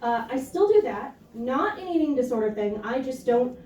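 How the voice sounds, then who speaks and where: A young woman performing a stand-up comedy set in a club, with a deadpan, self-deprecating way of telling stories. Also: high-pitched, moderate pace. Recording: roomy club sound from a distance, with crowd noise.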